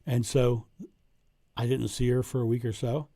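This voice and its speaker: Gravelly-voiced man, earnest spiritual coach. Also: mid-range voice, level tone, normal speed, dark tone. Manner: earnest, storytelling, repeats phrases for emphasis. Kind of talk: livestream Q&A monologue.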